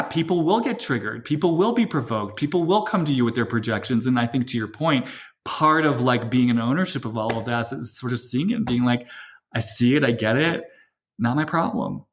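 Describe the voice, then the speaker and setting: A man with a fairly high voice hosts a relaxed podcast chat. He muses at length, circling his points with filler words and quoted asides. He sounds like he is thinking aloud. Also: normal speed. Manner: reflective, thinks aloud with many "like" and "you know". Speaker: podcast host. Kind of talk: casual chat.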